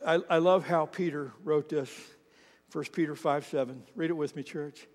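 A man preaching a sermon as pastor, telling stories with animated emphasis that rises to shouts at the peaks. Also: a little high, moderate pace, in a large hall. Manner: animated storytelling, rising to shouts at climaxes.

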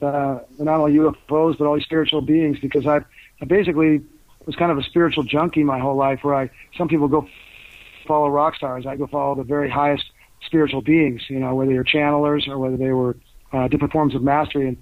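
Older guy telling rambly stories quick, dry tinny audio. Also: on the high side, dry recording. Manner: rambling, anecdotal, lots of fillers and restarts. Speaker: author and guest. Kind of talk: casual interview storytelling. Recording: tinny phone-like dry sound.

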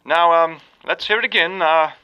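An actor playing a fussy radio drama director who hesitates a lot, full of ums and restarts. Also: male voice, fairly high pitch, normal speed, sharp tone, clear, resonant tone, dull audio.

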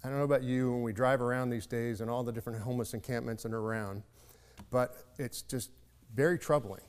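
A man's voice: medium pitch, steady tone, fairly quick, clear, resonant tone, big-room sound. A man giving a sermon, telling a folksy story in a reflective, conversational way. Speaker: preacher.

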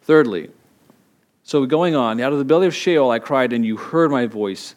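A middle-aged man preaches in a relaxed, conversational way. He tells stories with animated quoted voices and frequent laughs, then drops into quieter reflective reading of scripture. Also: mid-range voice, normal speed. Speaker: pastor. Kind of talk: sermon.

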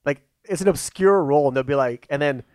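A man co-hosting a podcast, talking in an easygoing, halting way full of restarts and fillers. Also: fairly high pitch, darkish tone, no room sound. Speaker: podcast co-host. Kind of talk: casual podcast chat. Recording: dry close mic with faint music.

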